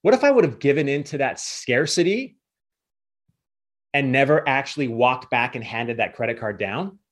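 A man's voice: medium pitch, animated, normal speed. A man giving a motivational coaching talk as a guest speaker, emphatic and repetitive in his delivery.

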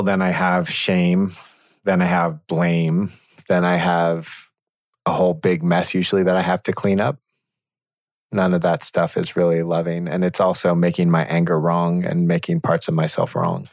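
A man teaching in a reflective conversation, measured and thoughtful, pausing to find his words. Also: low voice, little pitch movement, dry recording, studio quality.

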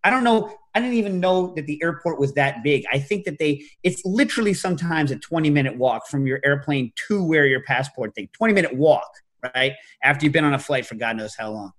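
A middle-aged man hosting a podcast, telling stories in a casual, animated way and breaking into loud shouted impressions. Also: on the high side, a little fast, few pauses. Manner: animated storytelling, mimics loud New York shouts. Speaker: podcast host. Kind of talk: casual chat.

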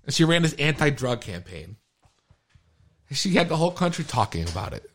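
A man's voice: mid-range voice, a little fast. Buzzed guy hosting a podcast in a studio, cussing a lot, voice bouncing all over. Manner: profane, animated storytelling. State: tipsy, stumbling over words. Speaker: podcast host. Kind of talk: casual podcast banter.

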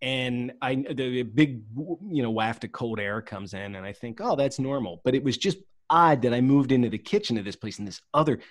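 Man, podcast host, casual chat, halting delivery. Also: mid-range voice. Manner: halting, many fillers and restarts, thanks guests and listeners.

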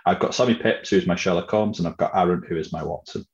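Low male guest, chatty, recorded on a dull, roomy line. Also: fast. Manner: chatty, with restarts and fillers. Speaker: author guest. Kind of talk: casual interview answer.

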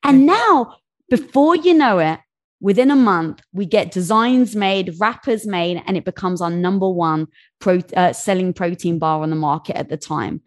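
Woman, interview guest, animated storytelling, acts out voices. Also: on the low side, moderate pace. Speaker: guest, business founder. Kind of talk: casual storytelling.

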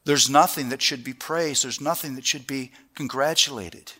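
A middle-aged man preaching a sermon, telling family stories in a lively way and then dropping to a hushed, earnest tone. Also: mid-range voice, moderate pace. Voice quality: animated storyteller who drops to a hushed, earnest tone.

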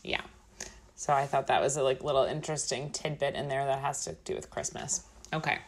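A woman's voice: very deep voice, steady tone, fairly quick, slight background noise. A woman co-hosting a podcast in casual chat, talking loosely with swearing, laughs and quoted movie lines. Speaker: podcast co-host.

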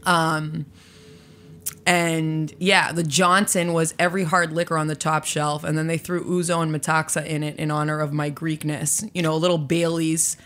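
A woman's voice: deep voice, moderate pace. A woman in her forties, a podcast guest chatting casually and acting out quotes in her stories. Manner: animated, acts out quotes. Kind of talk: casual storytelling chat.

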